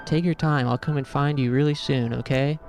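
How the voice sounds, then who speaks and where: A man's voice: mid-range voice, steady tone, a little fast, darkish tone, soft background music, close to an everyday voice. A man voicing a tearful, anxious young woman, his voice choking as if holding back tears. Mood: worried.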